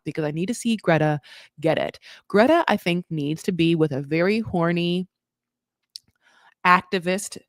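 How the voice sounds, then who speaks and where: A woman's voice: on the low side, no room sound, studio quality. A woman hosting a casual reality TV recap, chatty and swearing freely as she acts out what people said.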